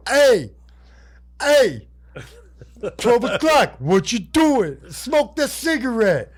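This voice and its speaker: A man putting on the voice of a drunk, brash loudmouth comedian who shouts swaggering, profane taunts. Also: very high-pitched, big pitch swings, drawn-out words, pitched above the performer's own voice, full character voice. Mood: rowdy taunting.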